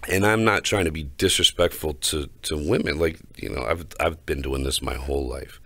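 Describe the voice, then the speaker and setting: A man's voice: rumbling low, normal speed, pushed and bright, no room sound. A man hosting a podcast, talking in a crude, swaggering, heated casual rant. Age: adult, older than co-host. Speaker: podcast host.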